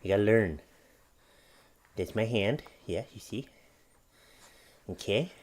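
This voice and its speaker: A man's voice: fairly low pitch, slow. Playful man cooing at a baby. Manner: playful, talking gently to a baby. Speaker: YouTube host and new father. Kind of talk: casual home vlog chat. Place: home office. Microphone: studio microphone.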